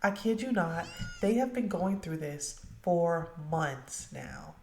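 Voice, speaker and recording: A woman with a lowish, creaky, slightly mellow voice narrates her gameplay slowly but with animation, chatting directly to her viewers. The let's play commentary is casual and recorded in an echoey room.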